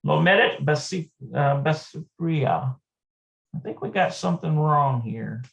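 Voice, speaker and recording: A Hebrew teacher giving a live online lesson, thinking aloud, hesitant and repeating words slowly. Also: medium pitch, lively intonation, gravelly.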